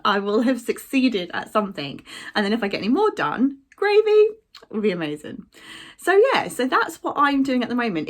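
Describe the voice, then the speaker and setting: A woman's voice: medium pitch, fairly bright tone. Casting: young woman, crafting vlogger, easygoing rambling chat full of fillers. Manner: chatty, rambling with many ums and likes. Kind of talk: casual chat.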